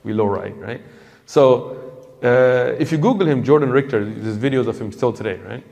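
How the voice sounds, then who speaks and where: A man telling a story in a sermon, lively and acting out the dialogue as he goes. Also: mid-range voice, moderate pace, creaky, lo-fi sound. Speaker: preacher. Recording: long hall reverb.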